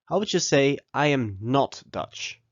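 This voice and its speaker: Man teaching a slow, clear lesson. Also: mid-range voice, expressive, no room sound, dull audio. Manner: slow, deliberate model pronunciation with pauses for repeating. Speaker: language teacher. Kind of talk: scripted language lesson.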